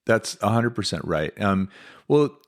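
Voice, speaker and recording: A man's voice: lowish voice, animated, a little slow. A man hosting a podcast, telling a life story in a casual, chatty way with lots of asides. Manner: conversational, many fillers and asides. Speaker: podcast host.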